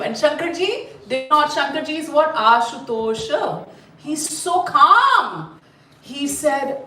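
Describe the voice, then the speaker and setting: Animated high-voiced woman telling a story. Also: a little slow, a little hiss or hum. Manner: animated, asks the audience questions. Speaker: storyteller teaching children. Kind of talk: live storytelling class. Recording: echoey room from far off.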